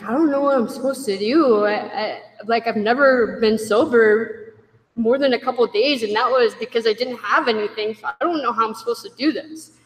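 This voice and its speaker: A woman telling her personal recovery story to a meeting, candid and animated, acting out dialogue with a raised voice. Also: on the high side. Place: meeting room. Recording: echoey hall from far off.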